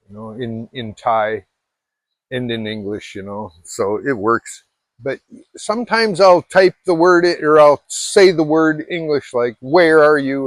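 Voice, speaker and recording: A man's voice: medium pitch, no room sound. Rambling, self-mocking man from Alaska. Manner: rambling, self-deprecating, many restarts. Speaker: vlogger. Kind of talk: casual chat to camera.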